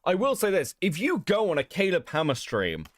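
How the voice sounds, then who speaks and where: A man's voice: sits high, moderate pace, no room sound, studio quality. A young man co-hosting a stream, reacting casually with frequent laughs and swearing. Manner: animated, laughs often, swears freely. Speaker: streamer co-host.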